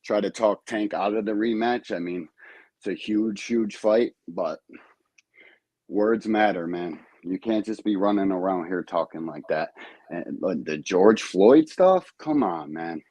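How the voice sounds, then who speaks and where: A man calling in to a live show, speaking earnestly and in measured phrases. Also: sits low, mellow, slightly rough, no echo. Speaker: caller. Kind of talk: call-in chat.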